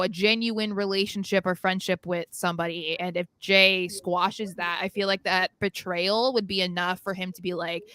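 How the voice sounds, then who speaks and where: A young woman co-hosts a casual wrestling podcast, sharing her opinions in a chatty flow full of "um" and "like." Her voice is bright and clear, recorded dry and close to the mic. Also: medium pitch, no room sound. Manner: chatty, opinionated, many fillers. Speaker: podcast co-host.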